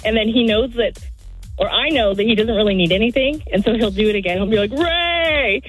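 A woman's voice: medium pitch, fast talker, faint music behind, poor audio. A woman calling into a radio show, telling a story with laughter and animation. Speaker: radio caller. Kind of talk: phone-in chat.

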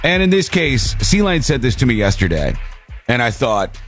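A man hosting a comedy podcast in casual chat, sounding a bit under the weather and slowed down, often breaking into goofy high voices. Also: huge pitch swings, fairly bright tone, no room sound, faint music behind. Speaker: podcast host.

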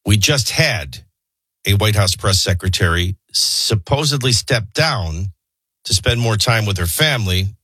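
A man's voice: fairly low pitch, expressive, measured pace, bright, forceful tone, breathy edge, no echo, studio quality. A middle-aged man hosting a morning talk radio show, delivering opinionated news commentary in a conversational way with many fillers. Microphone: studio microphone.

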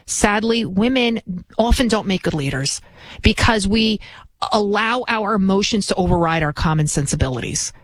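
A woman's voice: mid-range voice, animated, moderate pace, no room sound. A woman in her forties, a talk radio host, delivering an indignant, ranting monologue into a studio microphone. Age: 40s.

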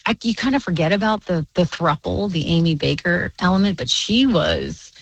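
A woman journalist guesting on a radio show, telling a story in an animated way with quick laughs. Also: lowish voice, breathy edge, dry recording, muffled recording. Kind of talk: casual radio interview.

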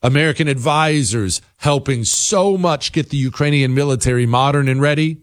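A man's voice: medium pitch, normal speed, no room sound. A man hosting a political commentary show, talking in an emphatic, insistent, conversational monologue.

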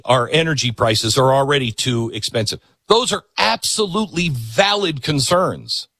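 Middle-aged guy doing a talk radio monologue, swings his pitch all over, super emphatic, dry close sound. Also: breathy edge, no echo. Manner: animated, emphatic, repeats words for emphasis. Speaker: talk show host.

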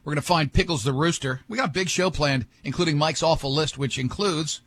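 A man's voice: a little high, brisk, fairly bright tone, slight background noise. A man hosting a morning radio show, talking in a rambling, jokey way and often restarting his sentences. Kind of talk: casual morning radio banter.

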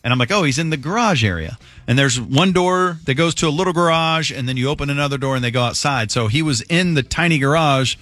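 A man hosting a radio talk show, telling a lively story and raising his voice for the quoted lines. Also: fast talker, hardly any pauses, no room sound. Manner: animated storyteller, shouts quoted lines in a high voice.

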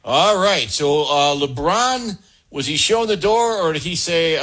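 Husky-voiced male radio host. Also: a little high, very animated, fairly bright tone. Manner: brisk, joking, keeps calls moving. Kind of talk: call-in talk radio.

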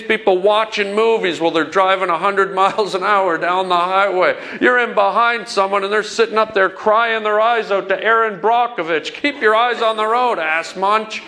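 A man's voice: high voice, bright, forceful tone. A man doing stand-up comedy, ranting in an exasperated way.

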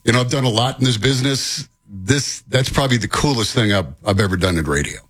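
A male radio broadcaster with a husky, slightly raspy voice and an upbeat, appreciative manner. He chats casually on air at a mid pitch. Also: lively intonation, fast, a bit bright.

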